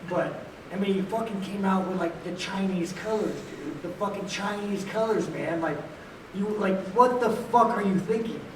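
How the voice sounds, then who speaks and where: Blunt, foul-mouthed man, higher-pitched voice, rambling at a press conference, mic a bit far off in an echoey room. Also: moderate pace. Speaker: fighter at post-fight press conference. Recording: echoey room, heard from a distance, faint noise.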